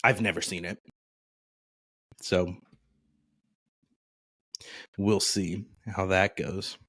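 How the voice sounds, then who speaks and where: A man from Nebraska, USA, co-hosts a podcast, chatting casually and upbeat with rambling asides. His voice sits low and is a bit bright, with little pitch movement, and he talks extremely slowly.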